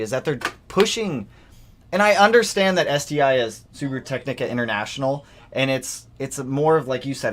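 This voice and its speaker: A young man hosting a casual livestream about cars, animated as he reads donations and reacts to news. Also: medium pitch. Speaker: livestream host.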